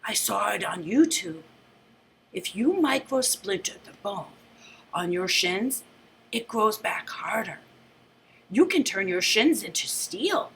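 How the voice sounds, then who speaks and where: A woman reading aloud voices an excitable teenage boy who ends his sentences like questions. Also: mid-range voice, slow, creaky, a little hiss or hum, full character voice. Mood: eager. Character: excitable teen boy, martial arts fan.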